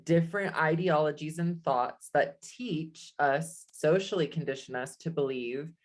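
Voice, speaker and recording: A woman with a deep voice hosts a casual podcast chat. She speaks earnestly and thoughtfully, leaning on her important words. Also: unhurried. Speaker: podcast host. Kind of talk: casual conversation.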